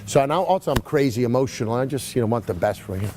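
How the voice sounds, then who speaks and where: A man's voice: mid-range voice, lively intonation, fast, a little mellow, slight background noise. A middle-aged man coaching riders at a horse clinic, rambling and chatty with lots of asides. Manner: rambling, chatty, full of "you know" asides. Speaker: riding clinician. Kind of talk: casual coaching chat. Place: horse arena.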